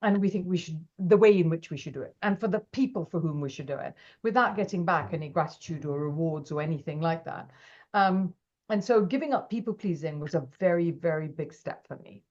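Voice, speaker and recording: A woman, an interview guest, telling her story with animated energy and acting out the lines of people in it. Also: low voice, brisk. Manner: animated, acts out quoted dialogue. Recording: dull lo-fi audio.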